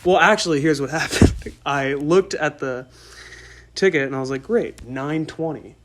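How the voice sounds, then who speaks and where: A man in his twenties hosting a podcast, telling a rambling story in an excitable way and laughing often. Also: a little high, moderate pace. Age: 20s. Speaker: podcast host. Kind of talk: casual storytelling monologue.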